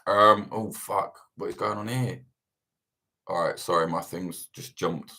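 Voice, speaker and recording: A man's voice: low-pitched, steady tone, a little slow, vocal fry, bright, forceful tone. A young adult man from England, a journalist hosting a livestream Q&A, telling a long sweary anecdote full of fillers and laughs. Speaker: journalist and channel host. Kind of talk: casual livestream Q&A storytelling.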